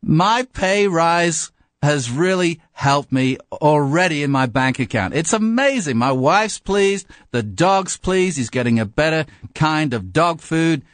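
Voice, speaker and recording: A man with an English accent voicing a brand-new male TV news presenter who gushes with excitement about his job. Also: on the high side, a little slow, no room sound, voice pushed up. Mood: giddy. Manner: gushing, boastful, over-excited.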